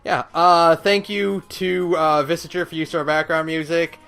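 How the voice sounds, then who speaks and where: A man's voice: fairly high pitch, level tone, moderate pace, gravelly, fairly bright tone, clean tone, faint music behind. A man co-hosting a podcast in casual chat, rambling with many fillers and swearing freely. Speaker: podcast co-host.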